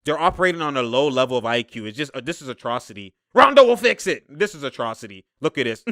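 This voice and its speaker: Sports commentator, male, bright and clear, excitable and slangy, dry close mic. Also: medium pitch, fast talker, dry recording. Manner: excitable, laughs often, slangy, shouts at players. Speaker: sports commentator breaking down game film. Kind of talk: casual game breakdown commentary.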